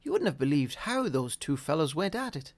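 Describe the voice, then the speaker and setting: A man reading a classic story aloud in a measured, expressive way. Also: on the high side. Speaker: audiobook reader. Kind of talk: storybook narration.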